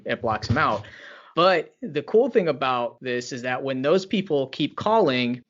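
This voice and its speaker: An upbeat man hosts a casual podcast, chatty and quick to laugh. His voice sits in a middle range, and the audio is slightly muffled. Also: medium pitch, a bit bright. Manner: enthusiastic, chatty, laughs easily. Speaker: podcast host.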